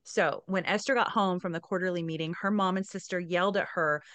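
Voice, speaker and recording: A woman interviewing an author, excitedly recapping the story and sharing her reactions. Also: lowish voice, brisk, no room sound. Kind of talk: casual book-discussion interview.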